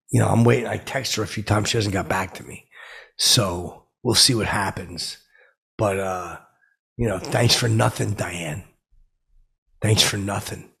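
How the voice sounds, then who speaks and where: A man's voice: fairly low pitch, a bit bright, full character voice. A man playing a brash, tipsy middle-aged podcast host who rambles and stammers through a comic story. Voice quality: gravelly, raspy. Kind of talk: comedic character monologue.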